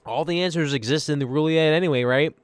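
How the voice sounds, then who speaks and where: A man's voice: on the high side, a little fast, smooth, no echo. Rambling, profane man musing aloud. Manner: rambling, profane, laughing, drifting between mumbles and loud rants. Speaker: streamer host. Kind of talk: casual stoned-sounding philosophical chat.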